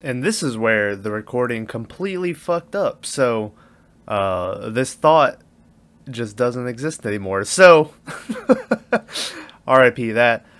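A man's voice: medium pitch, lively intonation, slow pace, pauses often, a bit bright. A man co-hosting a casual movie review podcast, retelling scenes animatedly and laughing as he goes. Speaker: podcast co-host.

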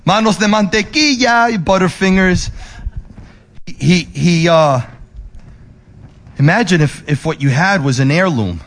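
A male pastor preaching, moving between emphatic raised lines and soft, low ones, with restless repetitions and restarts. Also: takes it slowly, pauses often. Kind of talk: sermon.

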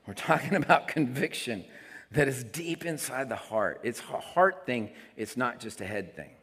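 A male pastor giving a conversational sermon, moving between quiet asides and emphatic declarations. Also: mid-range voice, animated, moderate pace, husky. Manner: conversational preaching, swings between soft asides and emphatic lines. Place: church sanctuary. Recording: long hall reverb.

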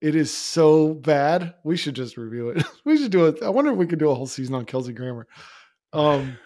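A man's voice: fairly high pitch, expressive, fairly quick, mellow. A man co-hosting a podcast, talking through a film in a casual, opinionated way and laughing often. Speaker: podcast co-host. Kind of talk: casual movie discussion.

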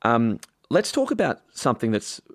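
A man's voice: medium pitch, wildly swooping pitch, normal speed, no echo, clean studio sound. A man hosting a business panel discussion, reflective, posing long questions to his guests. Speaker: panel host.

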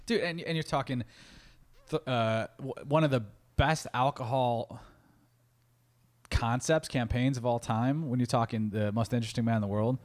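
A man's voice: mid-range voice, moderate pace. Male podcast co-host, casual banter, easygoing, swears offhand. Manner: loose, joking, swears casually. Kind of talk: casual chat.

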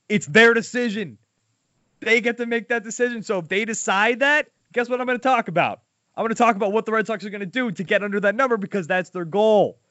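A man's voice: high voice, pushed and bright, no room sound. A man hosting a podcast in casual, opinionated sports chat, talking emphatically. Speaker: podcast host. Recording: dull lo-fi dry sound.

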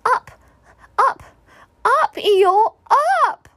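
A woman voicing a tiny timid male piglet with a squeaky, trembling voice in a storybook reading. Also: expressive, fairly quick. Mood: shouting.

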